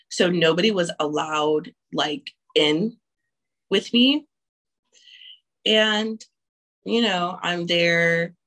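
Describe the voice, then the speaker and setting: Frank woman with a husky voice. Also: lowish voice, a bit bright, low-quality recording. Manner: frank, restarts often, curses casually. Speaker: mother sharing her abortion story. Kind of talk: candid personal storytelling.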